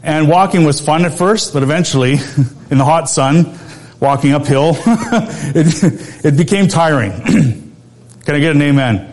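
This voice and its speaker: A man's voice: on the high side, a little slow, darkish tone. Laughing, chatty male preacher. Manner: laughs often, conversational. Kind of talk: sermon with personal story.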